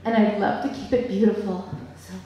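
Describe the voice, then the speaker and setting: A woman's voice: medium pitch, fairly even intonation, fairly quick, dark tone, highs cut off. Earnest, emotional woman commenter, distant room mic, big hall reverb. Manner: emotional, earnest, laughs nervously. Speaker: public commenter. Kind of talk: public hearing comment. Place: large echoey public hall. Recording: echoey hall, voice from far off.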